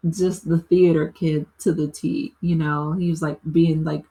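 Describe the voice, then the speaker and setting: A woman's voice: low-pitched, level tone, measured pace, mellow. A woman casually recapping a TV episode for her channel, talking in a loose way with lots of "you know" and "like" and frequent laughs. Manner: chatty, filler-heavy with frequent "you know" and "like"; laughs often while talking.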